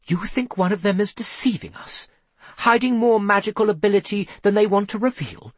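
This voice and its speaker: A man reading aloud, voicing a composed, thoughtful woman investigator in an earnest, measured way. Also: high-pitched, no room sound, pitched above the performer's own voice.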